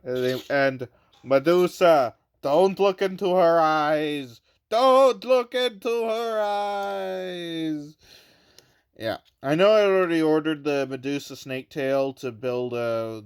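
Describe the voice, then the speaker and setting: Man, home toy reviewer; smooth, clear voice, unhurried delivery, meandering and full of ums. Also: mid-range voice. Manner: rambling, hesitant, with many fillers and restarts. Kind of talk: casual unboxing review.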